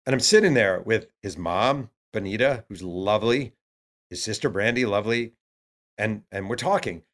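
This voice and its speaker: A man, an author guest in an interview, telling stories in a lively way and acting out what others said. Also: fairly low pitch, moderate pace. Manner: acts out quotes of others, many fillers. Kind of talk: animated storytelling.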